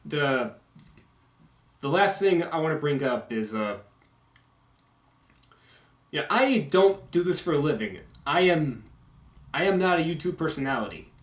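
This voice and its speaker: A young man talks casually to his viewers, stopping and restarting with plenty of fillers. His voice sits a little high, and his S sounds come out sharp and hissy. The room around him is echoey. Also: animated. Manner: halting, many uh and you know fillers; strong S sounds. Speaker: YouTube video maker. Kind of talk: casual update talk.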